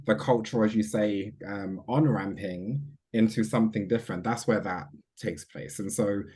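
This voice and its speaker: A man's voice: lowish voice, normal speed, a little mellow, husky. A British man on a webinar, speaking thoughtfully and posing rhetorical questions. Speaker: educator. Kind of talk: webinar discussion.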